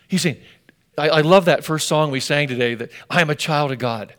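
An older man from the US Northwest delivers a sermon in a fairly high voice. He shifts between relaxed storytelling and forceful, repeated emphasis, with folksy asides along the way. His delivery is animated and conversational rather than formal. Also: normal speed, pauses often. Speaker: pastor.

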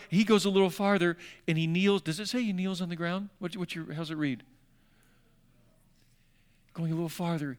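A man preaching a sermon, shifting between hushed, intimate passages and emphatic declarations. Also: sits high. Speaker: pastor.

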